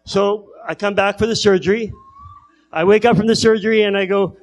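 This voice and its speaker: A man doing stand-up comedy who stutters, telling stories with repeated word starts and long pauses. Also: sits high, gravelly, soft background music, poor audio. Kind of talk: stand-up storytelling.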